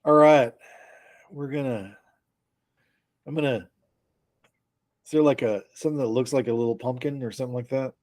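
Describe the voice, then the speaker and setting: A man's voice: mid-range voice, fairly even intonation, normal speed, long pauses, darkish tone. An easygoing, joking man playing a character in a tabletop game. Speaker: player. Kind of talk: tabletop role-play chat.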